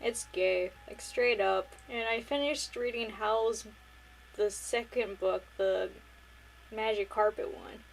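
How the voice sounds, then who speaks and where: A woman's voice: mid-range voice, takes it slowly, gravelly, a little hiss or hum, poor audio. A woman co-hosting a casual book club podcast, laid-back, with short reactions and mild swearing. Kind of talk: casual chat.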